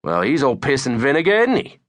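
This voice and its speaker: A man's voice: mid-range voice, huge pitch swings, a little fast, a bit bright, no room sound, voice pushed up. A man voicing a cocky young guy who puts on a fake British accent and whines when exposed. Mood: smarmy. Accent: put-on British. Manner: whiny, cocky.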